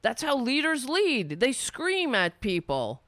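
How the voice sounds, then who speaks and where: A woman's voice: sits high, huge pitch swings, takes it slowly, fairly bright tone, no room sound, studio quality. A woman giving an angry, profane commentary on a played clip, sarcastic and mocking. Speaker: political commentator.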